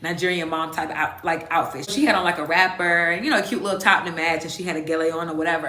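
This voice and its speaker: A woman's voice: lowish voice, fast, hardly any pauses, pushed and bright. A woman in her twenties telling a dramatic, slang-filled story straight to her viewers in a casual vlog. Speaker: vlogger. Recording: echoey room.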